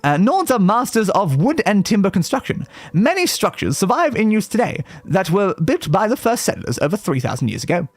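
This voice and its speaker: A man's voice: high voice, big pitch swings, brisk, few pauses, no room sound, faint music behind. A man reading game lore aloud on a livestream, breaking off for playful asides, stumbling over words and laughing at his own mistakes. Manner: reads aloud with playful asides and self-corrections.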